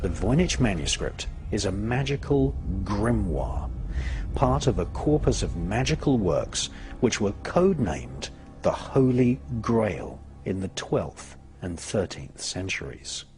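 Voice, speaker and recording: A man narrates a documentary in a lowish voice that rises and falls expressively. He speaks slowly and deliberately, letting each phrase drop at its end. Music plays clearly beneath the voice-over. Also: sing-song.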